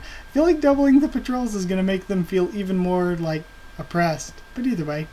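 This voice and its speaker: A man's voice: sits high, moderate pace, warm tone, slight background noise, rough recording. Man rambling through a comic reaction. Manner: rambling, many fillers and self-corrections. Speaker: comic reaction video host. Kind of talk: casual reaction commentary.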